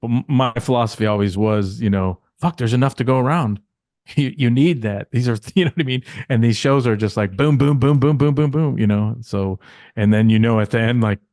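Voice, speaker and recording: A man's voice: mid-range voice, fairly quick, darkish tone, no room sound, clean studio sound. A man co-hosting a casual podcast, telling backstage stories animatedly, acting out quotes, swearing and laughing often. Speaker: podcast co-host, former insider.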